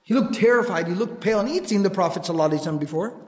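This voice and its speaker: A man's voice: high voice, expressive, very fast. A man preaching a sermon, retelling old narrations with emphatic repetition and reciting Arabic quotations between English explanations. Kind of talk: sermon storytelling. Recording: echoey hall with long reverb.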